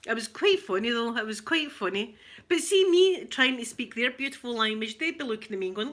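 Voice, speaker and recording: A woman's voice: fairly high pitch, expressive, a little fast, a bit bright. A woman in her forties with a Glaswegian Scottish accent, chatting casually and joking with viewers on a live stream. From Scotland. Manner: chatty and joking, with bursts of laughter. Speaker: livestream host chatting with viewers.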